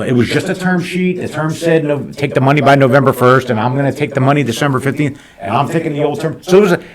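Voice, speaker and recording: A business owner hosting a podcast, telling a heated story in a casual, animated way, swearing often. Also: male voice, medium pitch.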